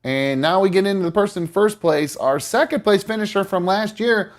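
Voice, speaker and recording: Dude hosting a podcast, rambly and chill, swears a bunch. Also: male voice, sits high, animated, a little fast. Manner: loose, rambling, swears casually. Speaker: podcast host. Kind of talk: casual chat.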